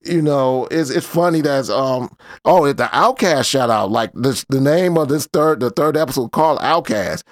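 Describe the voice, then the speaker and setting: Relaxed and slangy, the man hosting this casual commentary show drifts along with many fillers. He speaks at medium pitch, recorded at studio quality without echo.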